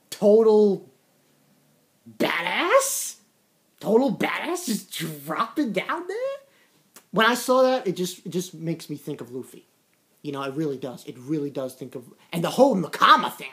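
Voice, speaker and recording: A woman giving a casual, excitable comic chapter review, repeating words and retelling scenes in quoted voices. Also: on the low side.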